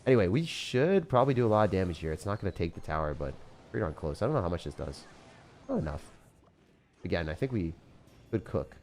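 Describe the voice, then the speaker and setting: A man's voice: sits low, sing-song, fast, pauses often, darkish tone, slight background noise. A young man streaming a mobile game, chatting casually and laid-back with viewers, saying dude and bro and laughing often. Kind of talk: casual live-stream chat.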